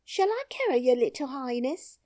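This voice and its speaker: A woman's voice: high-pitched, very animated, normal speed, warm tone, dry recording, studio quality, pitched above the performer's own voice. A woman voicing a brave, cheerful twelve-year-old miner boy who talks boldly and plainly. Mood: frank. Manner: bold, singing taunts, plain-spoken.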